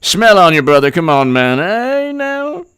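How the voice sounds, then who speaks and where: A man putting on a scattered old male politician, folksy and rambling. He mumbles stock phrases over and over, pitched higher and louder than a plain speaking voice. It sounds dry and close. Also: big pitch swings, measured pace, clean tone, no room sound, full character voice. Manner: mumbling, repetitive catchphrases, jumbled.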